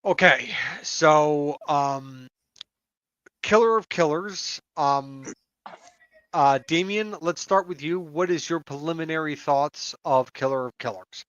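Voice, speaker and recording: A man with a bright, forceful voice leads the discussion on a podcast. He hesitates a lot, with many ums and restarts. His mic sounds dull and dry. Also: fairly high pitch, slow, clear, resonant tone, dry recording. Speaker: podcast co-host steering the discussion. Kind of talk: casual chat.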